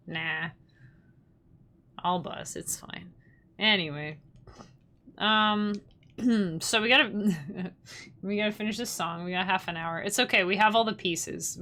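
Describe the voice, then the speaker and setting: A woman's voice: on the low side, pushed and bright. A young woman musician chatting casually and rambling on a live stream, often breaking into laughter. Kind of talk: casual livestream chat.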